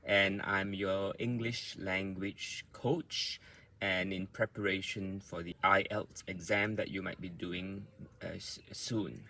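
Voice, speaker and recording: A man with an Australian accent, an English language coach giving a patient pronunciation lesson and repeating words slowly to show their stress. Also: sits low, fairly even intonation, bright, forceful tone.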